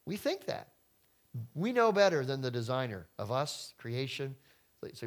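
A man preaching a sermon, reading scripture aloud and breaking in with lively rhetorical questions. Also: mid-range voice, normal speed. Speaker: pastor.

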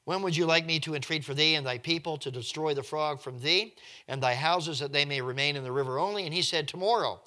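A man's voice: a little high, fast, pushed and bright. A male preacher giving a conversational Bible teaching, reading scripture aloud and breaking in with wry, joking asides.

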